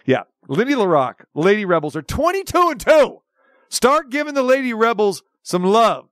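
A man's voice: high-pitched, sing-song, normal speed, a bit bright, no echo, studio quality. A man hosting a sports radio show, talking in a casual, jokey, rambling way. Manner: jokey, rambling, switches dialects playfully.

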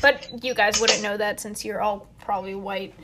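This Colombian teenager hosts a casual phone-call podcast with a mid-range voice, a steady tone, and normal speed, with noise in the background. She clowns around and dramatizes her tall stories.

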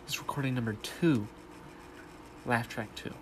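A young man in playful casual chat who bursts into loud laughs. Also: mid-range voice, background noise.

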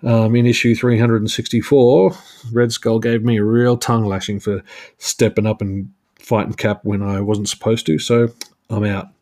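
A gruff mercenary villain, as a host reads him out, grumbling in an offhand way. The voice is low and mostly the reader's own. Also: male voice, flat delivery, moderate pace, a little mellow, natural voice.

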